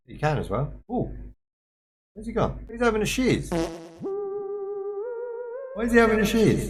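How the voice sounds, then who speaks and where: A man's voice: mid-range voice, a little hiss or hum. Chatty man joking through gameplay. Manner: chatty, joking, talks to chat and to himself. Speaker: streamer playing a survival game. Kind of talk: casual gameplay commentary.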